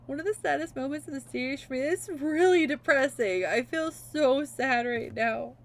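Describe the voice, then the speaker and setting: A woman's voice: high voice, moderate pace. A young woman streaming a game, chatting casually and emotionally with lots of fillers. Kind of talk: casual chat.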